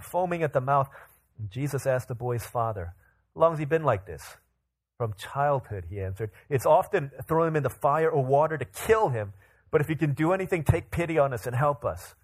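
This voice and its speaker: A male pastor reading a scripture passage aloud and then explaining it in a relaxed, conversational sermon, voicing the characters' quotes with expression. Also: mid-range voice.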